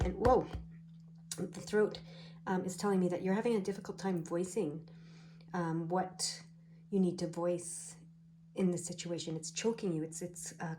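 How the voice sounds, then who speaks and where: A woman giving a casual pick-a-pile tarot card reading. She talks in a chatty, wandering way full of fillers, and her throat is irritated, so she keeps clearing it. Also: lowish voice, a little mellow, a little hiss or hum. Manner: chatty, digressive, frequent fillers.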